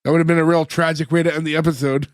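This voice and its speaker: A man's voice: fairly high pitch, flat delivery, racing, no room sound, studio quality. A man co-hosting a podcast in casual chat, rambling with many filler words as he retells scenes. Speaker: podcast co-host. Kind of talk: casual chat recapping an episode.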